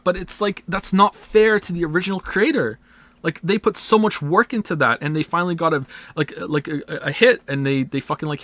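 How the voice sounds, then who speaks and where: A man's voice: sits high, brisk, bright, forceful tone, no room sound. A man streaming casually, rambling and swearing as he answers chat, sometimes acting out imagined voices. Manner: rambling, profane, emphatic; acts out imagined voices in quotes. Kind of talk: casual chat responding to viewers.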